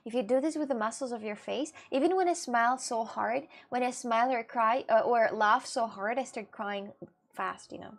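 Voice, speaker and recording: A woman's voice: on the high side, normal speed. A woman chatting casually with her livestream viewers, rambling and giggling as she answers them. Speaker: streamer.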